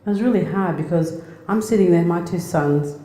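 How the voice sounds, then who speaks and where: A middle-aged woman from Australia giving a personal talk, telling a family story in a plain, halting, reflective way. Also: lowish voice, warm tone. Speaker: speaker. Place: lecture hall. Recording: echoey hall.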